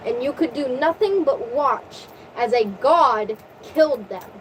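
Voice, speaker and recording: A young woman retelling a story in casual, crude, excitable slang. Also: sits high, measured pace. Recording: distant mic with faint vehicle noise.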